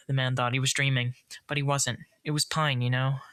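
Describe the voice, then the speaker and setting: A man reads a story aloud, with a bright and forceful tone and a dry, close sound. He breaks off for jokey asides about his own slips. His pitch is in the middle. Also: flat delivery, fairly quick, clean tone, dry recording. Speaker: reader. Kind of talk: playful read-aloud of a parody classic.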